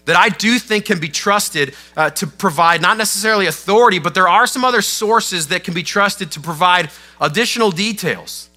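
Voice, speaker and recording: A man preaching to his congregation in a conversational, animated storytelling way, with casual asides. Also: high voice, moderate pace, soft background music. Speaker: pastor. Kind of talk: sermon.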